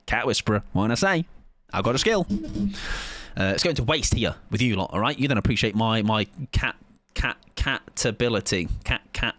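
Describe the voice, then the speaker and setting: A man's voice: lowish voice, expressive, moderate pace, a bit bright, dry recording. A man, chatting casually with viewers as a game streamer in a playful, rambling, self-mocking way.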